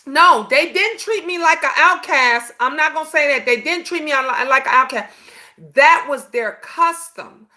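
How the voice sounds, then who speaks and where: A woman's voice: high voice, normal speed. A woman in her fifties hosting a casual live-stream chat, telling stories animatedly and calling listeners "honey.". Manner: animated storytelling, sassy, says "honey" often. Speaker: host.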